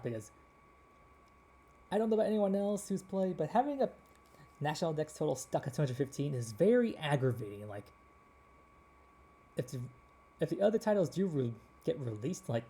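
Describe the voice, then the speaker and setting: A man hosts his gameplay video in a loose, rambling way, restarting his sentences as he goes. His voice is very dark and mellow but sits a little high. By now it has turned slightly hoarse. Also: big pitch swings, brisk, pauses often. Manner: rambling, with frequent restarts and fillers. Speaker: gaming channel host.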